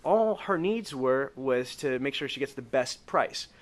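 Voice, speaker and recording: A man's voice: medium pitch, animated, unhurried. A man running a live sales training with role-play, coaching in an emphatic way that stretches key words and keeps checking the group agrees.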